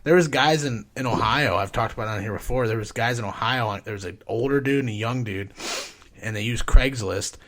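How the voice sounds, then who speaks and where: A man's voice: mid-range voice, brisk, a bit bright. A man hosting a podcast, telling stories in blunt, heavily profane casual chat. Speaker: podcast host.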